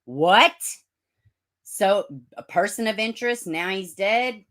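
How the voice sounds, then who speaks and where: A middle-aged woman hosts a casual livestream in a medium-pitched, fairly bright voice at a slow pace. She greets viewers by name, swears, and laughs at herself while telling a story.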